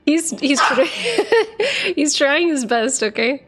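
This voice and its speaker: A woman's voice: fairly high pitch, lively intonation, slow pace, few pauses, a bit bright, faint music behind. A woman streaming a video game, chatting casually and giggling, who switches to baby talk with her dog. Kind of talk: casual live-stream chat.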